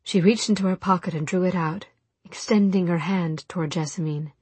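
Breathy lady reading a novel, soft and measured, super dry close sound. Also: on the low side, no echo. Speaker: audiobook narrator. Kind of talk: scripted narration.

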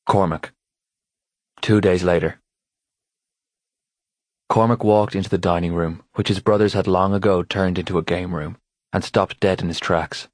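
A man with a deep, low voice narrates an audiobook in a steady, even manner. The recording is close and very dry, with no room sound. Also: no room sound. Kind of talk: scripted narration.

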